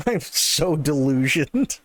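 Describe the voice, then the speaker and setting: A man's voice: fairly high pitch, animated, takes it slowly, fairly bright tone, dry recording. A male streamer ranting in casual, profane, sarcastic chat on a live stream.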